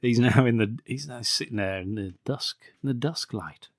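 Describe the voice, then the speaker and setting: A podcast host tearing through a bad movie's plot, sweary and sarcastic, often breaking into laughter. His voice sits at an ordinary middle pitch, recorded close and completely dry. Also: moderate pace, no room sound. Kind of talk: casual sweary film recap.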